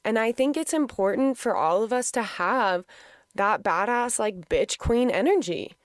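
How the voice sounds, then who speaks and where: A woman's voice: a little high, expressive, a little slow, no echo, clean studio sound. A woman talking candidly about her emotions in a casual personal monologue, laughing often and filling with "like".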